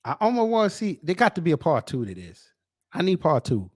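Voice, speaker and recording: A man's voice: a little high, huge pitch swings, brisk. Slangy man reacting to clips. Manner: slangy, laid-back running commentary. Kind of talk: casual reaction commentary.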